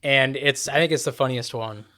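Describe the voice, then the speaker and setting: A man's voice: mid-range voice, normal speed, crowd noise. Rambling young man chatting on a podcast. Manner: rambling, hesitant. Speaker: podcast co-host. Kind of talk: casual chat.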